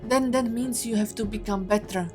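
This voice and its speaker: Woman as stern mentor, higher voice, formal and scolding, soft music under. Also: moderate pace, natural voice. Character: stern female mentor and fighter. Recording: faint music behind.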